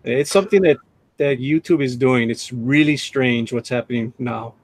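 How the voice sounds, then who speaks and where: A man's voice: medium pitch, moderate pace, no room sound. A middle-aged man hosting a live drawing stream, reading chat aloud and laughing often. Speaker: livestream host. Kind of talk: casual livestream chat.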